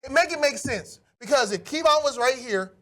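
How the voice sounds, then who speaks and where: A man hosting a solo sports podcast, ranting animatedly with loud outbursts. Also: very high-pitched, animated, normal speed.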